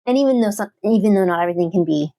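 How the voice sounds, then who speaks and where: Woman, poetry teacher, low-ish creaky voice, dry close sound, hesitant and thoughtful. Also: lively intonation, racing, warm tone, dry recording. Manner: thoughtful, with frequent fillers and restarts. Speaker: literature teacher. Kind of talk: casual interview talk.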